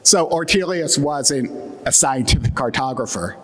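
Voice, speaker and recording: Guy with a philly accent giving a conference talk, slow and dry-humored, long hall echo. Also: medium pitch, lively intonation. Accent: Philadelphia. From Atlantic Midland United States. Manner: wry, joking lecture tone. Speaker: conference speaker.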